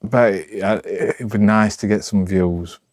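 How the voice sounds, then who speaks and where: A man with a Sheffield accent talking unscripted to camera, rambling and halting with lots of restarts, in a rough, broad way of speaking. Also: lowish voice, steady tone, a little mellow, no echo, clean studio sound. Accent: Sheffield, Yorkshire. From Sheffield, England. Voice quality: rough, broad local speech. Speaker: vlogger.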